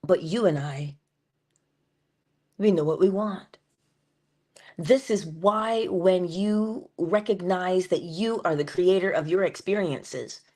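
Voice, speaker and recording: Woman giving a whispery motivational talk. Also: fairly low pitch. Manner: shifts between full voice and soft unvoiced whisper; drawn-out, emphatic delivery with slowed phrases. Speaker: inspirational speaker.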